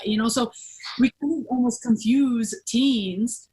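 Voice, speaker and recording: A woman's voice: fairly high pitch, unhurried, warm tone, rough recording. A woman hosting a podcast, chatting casually and thinking aloud, with many fillers and restarts. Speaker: podcast host. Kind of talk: casual conversational chat.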